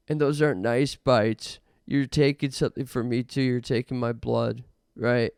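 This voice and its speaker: A young man hosting a podcast, rambling through an absurd comic monologue in a deadpan way with mock rants. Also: medium pitch, moderate pace, creaky, clean tone, no room sound, clean studio sound. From Canada. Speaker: podcast host.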